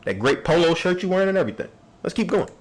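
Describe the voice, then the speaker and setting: A man comments on a courtroom clip, mocking it and acting out the people in it. His voice sits fairly high and swings widely, and his casual podcast delivery is animated. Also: racing, slight background noise, rough recording. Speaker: podcast host reacting to a court video.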